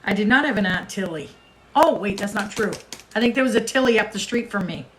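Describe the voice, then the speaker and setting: A woman's voice: mid-range voice, animated, fairly quick, a bit bright, slight background noise, rough recording. A woman hosting a casual livestream, chatting with viewers as she reads their comments. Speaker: host.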